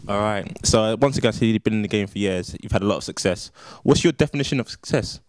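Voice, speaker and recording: Quick British interviewer, dry close sound. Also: male voice, on the low side, darkish tone, no room sound. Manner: casual, filler-heavy questions. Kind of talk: casual interview questions.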